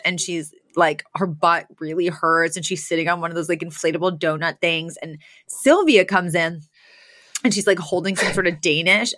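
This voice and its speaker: A woman's voice: lowish voice, pushed and bright, no room sound. A woman co-hosting a podcast, casually retelling a sitcom episode and acting out the characters' lines. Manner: chatty storytelling, acts out quoted lines. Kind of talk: casual chat.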